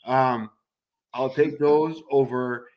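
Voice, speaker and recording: A man's voice: medium pitch, steady tone, slow pace, lo-fi sound. Laid-back swearing man in casual banter. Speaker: co-host of a betting stream. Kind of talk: casual chat.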